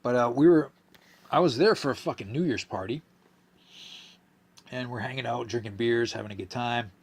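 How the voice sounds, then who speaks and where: Husky young man, tipsy and rambling. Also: medium pitch, normal speed. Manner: rambling, profane, with many fillers and restarts. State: a bit drunk, slurring. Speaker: podcast host. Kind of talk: casual storytelling monologue.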